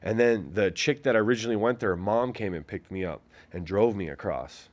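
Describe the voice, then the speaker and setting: Low-voiced man telling a wild story. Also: fairly quick. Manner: rambling, filler-heavy, acts out quoted voices. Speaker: guest, former fighter. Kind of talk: casual storytelling interview.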